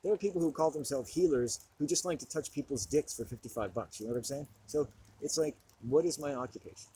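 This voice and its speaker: A man's voice: on the high side, fast talker, mellow, husky, low-quality recording. A man alone in the woods, rambling through a comedic, self-mocking monologue. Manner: rambling, self-mocking, laughing between thoughts. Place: outdoors in a forest.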